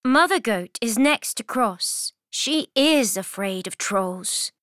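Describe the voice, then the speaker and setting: A woman reads a children's storybook aloud with clear, simple phrasing. Her voice sits fairly high and she takes each sentence very slowly. The sound is close and dry. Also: expressive, fairly bright tone, no room sound. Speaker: storybook reader.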